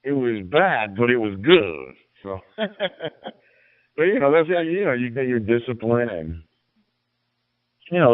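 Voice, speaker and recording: A man's voice: medium pitch, no room sound. Rambling man over a dry radio link. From Illinois. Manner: rambling, repeats words, folksy. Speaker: amateur radio operator. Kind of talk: casual radio chat. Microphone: radio transceiver mic. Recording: narrow, dry radio transmission.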